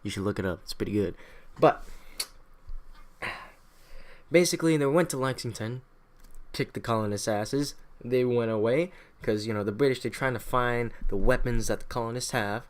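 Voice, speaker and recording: A man's voice: medium pitch, normal speed, long pauses. Profane young man riffing on history. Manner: profane, irreverent, acts out historical figures in slangy voices. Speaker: podcast host. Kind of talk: casual comedic history recap. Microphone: home podcast mic.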